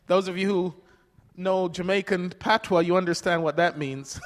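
High-voiced older preacher in a reverberant hall. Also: male voice, fairly even intonation, takes it slowly, long pauses. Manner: emphatic, calls to the congregation, swings between loud and soft. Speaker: pastor. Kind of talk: sermon.

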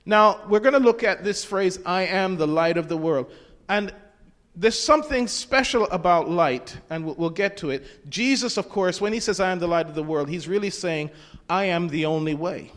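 A man preaches at normal speed in a high-pitched, fairly bright voice. He uses King James wording when he quotes scripture and directs questions at the congregation, with long hall reverb on the recording.

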